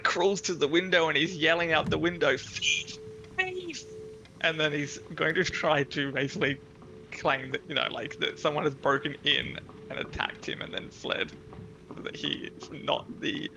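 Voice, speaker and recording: A man's voice: fairly high pitch, background noise. A man playing a tabletop game who talks hesitantly, with many fillers. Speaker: player. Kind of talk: tabletop role-play chat. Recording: music clearly playing behind.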